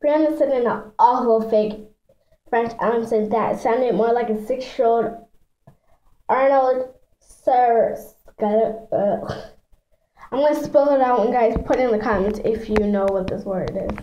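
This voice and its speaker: A woman's voice: a little high, measured pace, mellow, roomy sound, dull audio. A woman reading a children's book aloud in a chatty way, stumbling over words and adding asides for her listeners. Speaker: reader.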